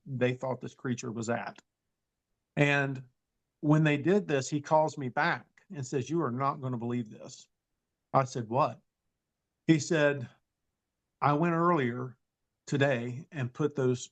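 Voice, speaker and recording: A man telling a personal story in a casual, halting way, full of restarts and "he goes", plainspoken and folksy. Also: medium pitch. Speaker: storyteller recounting an encounter.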